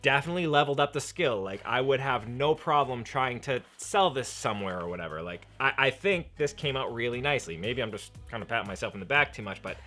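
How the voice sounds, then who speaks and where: A man's voice: medium pitch, lively intonation, fast talker, few pauses, sharp tone, faint music behind. A young man hosting a crafting channel, narrating a leathercraft tutorial in an upbeat, enthusiastic, slangy way.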